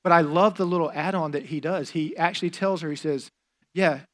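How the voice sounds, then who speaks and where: A man's voice: on the high side, fairly even intonation, fairly quick, fairly bright tone. A man preaching a sermon as a pastor, in a conversational style with fillers and casual asides.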